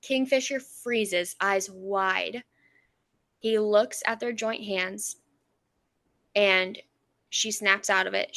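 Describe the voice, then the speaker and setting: A woman's voice: mid-range voice, creaky, fairly bright tone, no echo. A woman co-hosting a book podcast, casually retelling chapters and acting out the characters' lines with frequent laughter. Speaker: podcast co-host.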